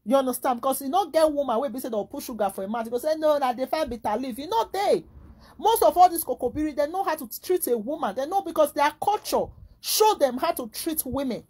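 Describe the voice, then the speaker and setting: In a fast, high-pitched voice, a woman with a Nigerian Pidgin English accent launches into a lively, rambling casual monologue packed with rhetorical questions.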